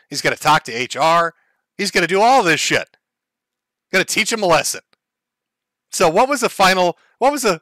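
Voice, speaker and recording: A man's voice: on the high side, pushed and bright, no room sound. A man hosting a comedic commentary show, mocking and profane, often laughing at his own jokes. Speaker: commentary host.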